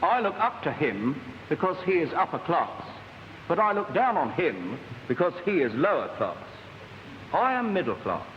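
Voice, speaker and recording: A man's voice: fairly high pitch, sing-song, normal speed, highs cut off, a little hiss or hum. Pompous man in an echoey old recording. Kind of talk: archive comedy sketch.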